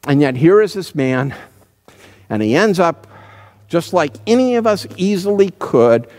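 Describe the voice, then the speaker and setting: A male pastor preaching an earnest, searching sermon, slowing down and pausing to stress his points. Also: fairly high pitch, sing-song, darkish tone, in a large hall. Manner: earnest, searching, slows down for emphasis.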